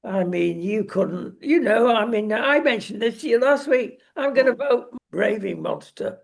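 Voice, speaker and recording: A man co-hosting a political commentary show, talking in a slow, emphatic and sardonic way with frequent ums. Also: extremely high pitch, expressive, vocal fry. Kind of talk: opinionated casual commentary.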